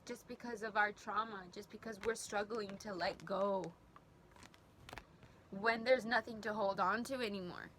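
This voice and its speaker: A woman's voice: mid-range voice, steady tone, measured pace, a bit bright, a little hiss or hum. A young woman giving a heartfelt tarot reading, emotional and earnest, often restarting her sentences. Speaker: tarot reader.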